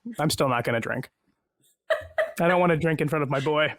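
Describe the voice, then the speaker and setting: A man's voice: a little high, a little fast, a bit bright, dry recording. A man with a slightly raised voice talks loosely from home over a video call, laughing easily and poking fun at himself. The sound is close and dry, with no room around him. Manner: chatty, self-deprecating, laughs often. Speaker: guest actor. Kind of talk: casual video-call interview.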